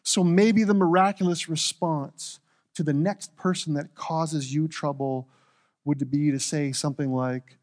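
Pastor guy, higher voice, casual sermon full of little jokes. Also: a little slow, a little mellow. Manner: conversational, playful asides.

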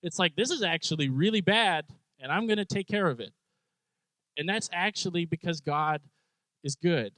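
A man giving a casual devotional talk, animated and joking, with self-deprecating humor. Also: on the high side, moderate pace, dry recording, low-quality recording. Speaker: Bible teacher.

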